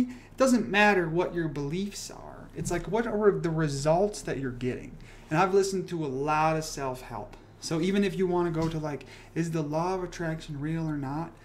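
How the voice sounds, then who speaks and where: A young man hosting a casual livestream, rambling and swearing as he rants and reads comments. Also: high voice. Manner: rambling, profane, animated ranting. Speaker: livestream host.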